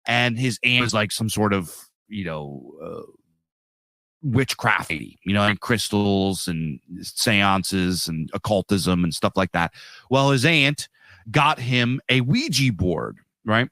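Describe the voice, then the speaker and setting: A man's voice: on the low side, lively intonation, slow, pushed and bright, no room sound. A man hosting a podcast, telling a film story in a rambling, casual way with lots of fillers. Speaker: podcast host. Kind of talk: casual film-review chat.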